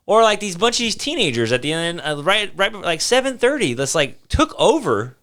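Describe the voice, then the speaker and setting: A man's voice: high-pitched, sing-song, moderate pace, fairly bright tone. A man on a casual podcast, talking bluntly and profanely with lots of "like". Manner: blunt, profane, heavy use of "like". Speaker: podcast co-host. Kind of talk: casual chat.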